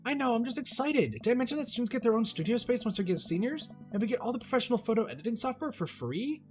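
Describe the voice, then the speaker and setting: A streamer voicing an excited teenage girl heading off to college, reading game dialogue with eager, bubbly delivery. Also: medium pitch, quick pace, soft background music, voice pushed up, natural voice.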